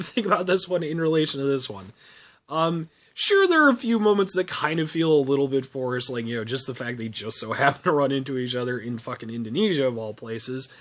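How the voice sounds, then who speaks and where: A man talks through a film review in a loose, rambling vlog style. His voice sits a bit high and swings up and down a lot as he chuckles his way through. He swears freely. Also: a bit bright. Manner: rambling, laughing often, swearing.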